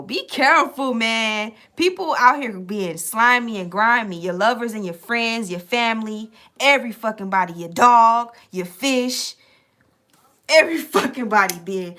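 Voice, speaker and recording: A young woman telling a casual, profane story to her viewers, animated and streetwise. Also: fairly high pitch, moderate pace. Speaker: tarot reader and channel host.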